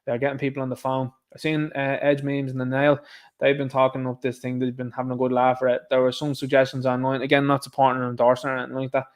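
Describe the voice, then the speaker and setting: A man's voice: medium pitch, completely flat delivery, quick pace. A man with an Irish accent giving a casual monologue commentary, sarcastic and full of rhetorical questions. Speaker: online commentator.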